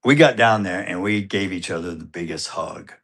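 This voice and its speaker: A middle-aged father telling a personal story in an interview, animated, moving between hushed tones and loud excitement. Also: deep voice, normal speed, vocal fry. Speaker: grieving father being interviewed.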